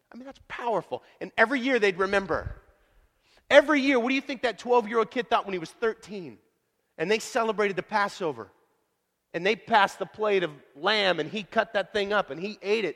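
Male pastor, fairly high voice, animated sermon delivery, casual folksy storyteller, long church reverb. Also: normal speed. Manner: animated storytelling with sudden loud swells and quiet drops.

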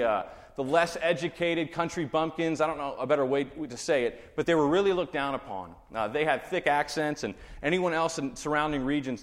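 Texan pastor preaching in a reverberant hall. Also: male voice, on the high side. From Texas. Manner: conversational teaching with rhetorical questions. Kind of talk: sermon.

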